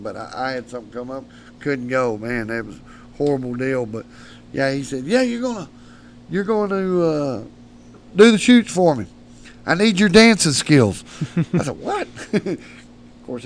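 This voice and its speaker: A man with a drawl spins rowdy tall tales as a studio guest. He laughs through his stories and swears freely, at a middling pitch, with a faint hum behind him. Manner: animated, laughs often, salty language. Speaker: podcast guest. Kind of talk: rowdy storytelling.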